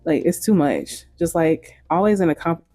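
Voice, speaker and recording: A woman host gives opinionated commentary in a mellow, dark-toned voice. She talks bluntly and frankly and swears casually. The recording sounds dry, with faint music underneath. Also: sits low, normal speed, dry recording.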